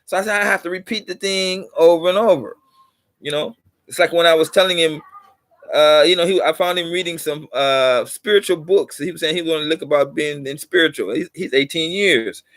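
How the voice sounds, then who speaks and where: A brisk, slightly high-pitched middle-aged man hosts a channel and lectures viewers in a rambling way. He repeats himself and becomes lively whenever he wants to hammer something home. The audio is close and dry, with no echo from the room.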